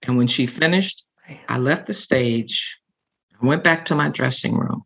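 An older woman, a guest on an interview show, telling stories in an animated and expressive way, acting out the voices she quotes. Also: rumbling low, a little slow, vocal fry, slightly rough. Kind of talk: storytelling in a podcast interview.

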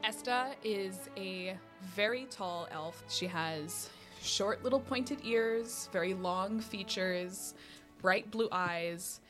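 A woman playing a tabletop role-playing game, describing her character in a gentle, measured way. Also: medium pitch, music in the background. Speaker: player.

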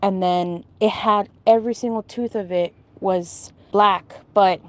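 Halting woman recounting a dream. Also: medium pitch, steady tone. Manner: halting, searching for words, frequent restarts. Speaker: storyteller. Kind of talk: casual retelling of a dream.

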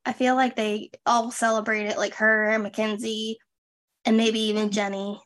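A woman's voice: fairly high pitch, level tone, normal speed. A young adult woman co-hosting a podcast in a casual chat, talking loosely with lots of fillers and restarts. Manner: chatty, trails off and restarts, lots of "like". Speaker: podcast co-host.

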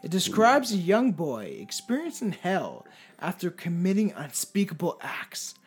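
A man's voice: high voice, huge pitch swings, a little slow, breathy edge, faint music behind. A man co-hosting a casual podcast, swearing and laughing often, and reading a creepy poem with dramatic flair. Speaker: podcast co-host. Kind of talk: casual chat and reading a legend.

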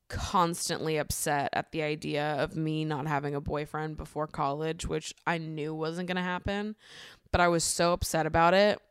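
A woman's voice: fairly low pitch, smooth, dry recording, studio quality. Chatty woman podcaster, laughing and swearing. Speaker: podcast host. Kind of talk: casual solo podcast monologue.

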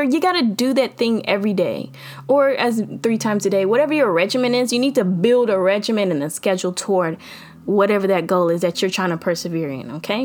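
Woman podcast host, casual slangy pep talk, preachy, laughs a lot, mid pitch.

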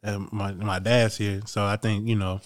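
Easygoing man with a low voice, podcast guest. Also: normal speed, no room sound. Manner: relaxed, agreeable, short replies. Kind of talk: casual chat.

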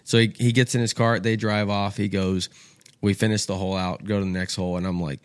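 Speaking a little fast in a fairly low voice, this young podcast guest spins a story during a casual chat. He's animated, curses without restraint, and performs the voices of anyone he quotes. The recording is dry.

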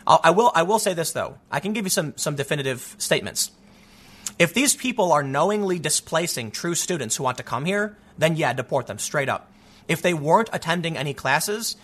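A man's voice: fairly high pitch, fairly bright tone. A man hosting his own show, giving casual, opinionated commentary, thinking aloud with frequent restarts and weighing both sides.

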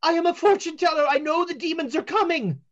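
A game master voicing a paranoid, excitable male fortune teller who shouts accusations at everyone. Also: very high voice, fast, pitched above the performer's own voice. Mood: ominous. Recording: dull lo-fi audio.

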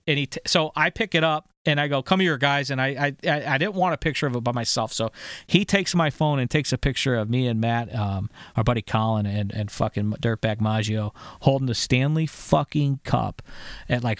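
A thirties-aged podcast host from St. Louis, USA, tells a story in casual chat, rambling, profane, and emphatic, with lots of restarts. His medium-pitched voice is recorded cleanly in a studio with no echo.

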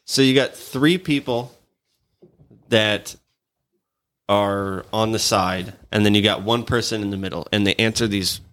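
A man's voice: fairly low pitch, unhurried, pauses often, a bit bright. A young man chatting casually with friends, cursing freely and laughing as he explains things. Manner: profane, laughing storyteller. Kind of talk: casual chat.

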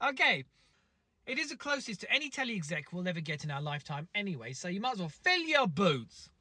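Host, deadpan patter; bright, lively, dry close mic. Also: mid-range voice, fast talker, breathy edge, no echo. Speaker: podcast host. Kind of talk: comic podcast quiz links.

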